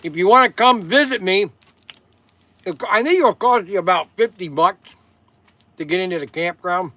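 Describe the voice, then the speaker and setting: A man's voice: high voice, expressive, normal speed, pushed and bright. An older man hosting a live chat from his shop, rambling and interrupting himself with chuckles. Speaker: shop owner and show host.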